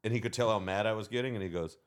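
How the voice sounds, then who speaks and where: A man's voice: lowish voice, very fast, noisy background. A man in casual podcast chat, telling rambling stories and swearing along the way. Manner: profane, rambling storyteller. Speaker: comedian podcast co-host.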